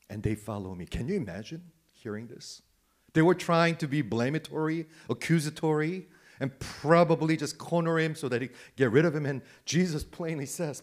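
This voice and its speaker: A male pastor preaching a sermon, repeating phrases and asking rhetorical questions, rising to loud emphatic peaks and dropping to hushed quiet lines. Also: medium pitch, moderate pace. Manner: swings from loud emphatic rises to soft hushed drops.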